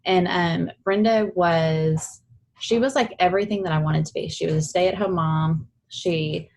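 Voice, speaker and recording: A woman's voice: lowish voice, unhurried, creaky, a little mellow, rough recording. A woman in her forties, a podcast guest, telling a story in a rambling way and correcting herself as she goes. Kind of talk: casual podcast chat.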